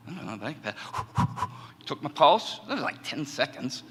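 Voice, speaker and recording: Middle-aged male professor, animated storyteller, bright clear tone, hall reverb. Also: on the high side, normal speed. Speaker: assistant professor of communication. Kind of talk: personal testimony to a college audience.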